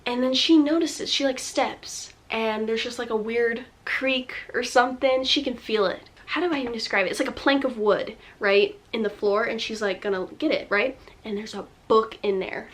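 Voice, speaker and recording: Gushing young woman, high voice. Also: normal speed, few pauses. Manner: emotive, gushing, lots of filler words. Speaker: vlogger. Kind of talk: casual movie review.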